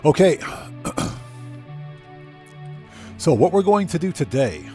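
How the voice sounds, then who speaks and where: A man's voice: a little high, big pitch swings, slow, warm tone, soft background music. A man hosting a casual gaming livestream, talking loosely and greeting chat viewers by name, at times choked up. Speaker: livestream host.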